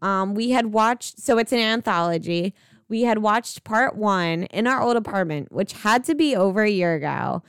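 A woman's voice: mid-range voice, expressive, normal speed, clean tone, no room sound, studio quality. A young woman co-hosting a podcast, chatting casually about movies with lots of fillers, tangents and swearing. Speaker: podcast co-host.

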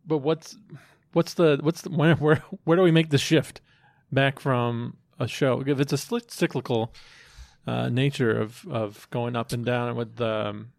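A man's voice: medium pitch, steady tone, measured pace, gravelly, no echo. A man co-hosting a casual podcast, asking searching questions in a hesitant way and laughing along. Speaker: podcast co-host.

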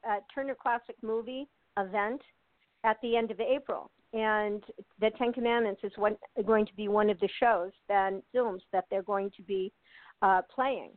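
A mid-range, fairly evenly intoned voice at moderate pace belongs to an older U.S. woman being interviewed by phone, the line sounding tinny and the recording dry and close with no room sound. She chats in relaxed, winding sentences, laughing often and restarting with many fillers.

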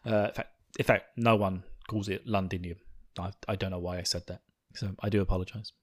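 A man's voice: deep voice, fairly even intonation, fairly quick, breathy edge. A young man from England with an Essex accent, hosting a podcast in casual, self-mocking chat and laughing often. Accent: Essex English. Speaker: podcast host.

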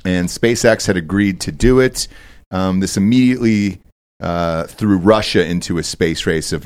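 A man hosting a comedic news podcast from a studio, rambling through crude deadpan jokes. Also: low-pitched, moderate pace. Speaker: show host.

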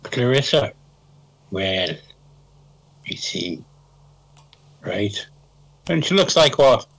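A man's voice: medium pitch, big pitch swings, extremely slow, fairly bright tone, husky. A man playing a tabletop game in character, speaking in a dry, sarcastic way. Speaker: player.

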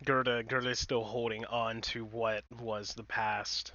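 A man's voice: medium pitch, level tone, a little slow, bright, forceful tone, dry recording, dull audio. A man chatting casually about a film, agreeing and sighing in sympathy. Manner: sympathetic, sighing "ugh" reactions. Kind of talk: casual chat.

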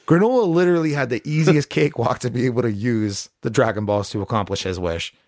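Talking fast in a mid-range, slightly mellow voice, this young podcast co-host chats about a film with plenty of swearing. He also performs some of the characters' lines as part of the casual review.

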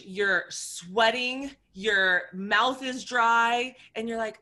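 A woman coach talks in an animated storytelling way, slipping into quoted inner voices to make her point. Her voice is bright and forward, pitched in an ordinary middle range. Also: normal speed, few pauses. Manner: vivid, acts out scenarios with quoted inner voices. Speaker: nutrition coach.

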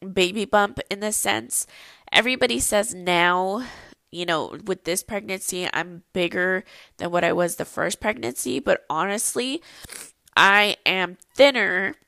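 A woman's voice: medium pitch, unhurried, creaky, bright, forceful tone, no room sound. A young adult woman hosting a casual personal podcast, telling a story in a chatty, rambling way full of ums and likes. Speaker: podcast host.

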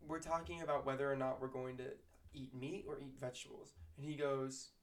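A woman's voice: extremely low pitch, fairly quick, a little hiss or hum. Chatty woman teacher swapping class stories. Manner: lively storytelling, bursts of laughter. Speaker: elementary school teacher. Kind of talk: casual chat.

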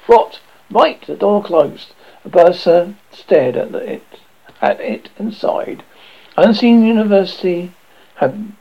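A man's voice: on the high side, creaky, husky. A man narrating a novel aloud in an amateur reading, often stumbling and correcting himself. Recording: dull lo-fi recording.

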